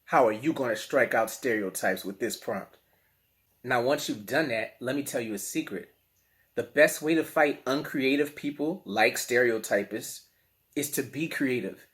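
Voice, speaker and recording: A man with a New Orleans accent, teaching children in a playful, slangy, animated way. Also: mid-range voice. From New Orleans, USA. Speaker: teaching artist. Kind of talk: children's lesson to camera.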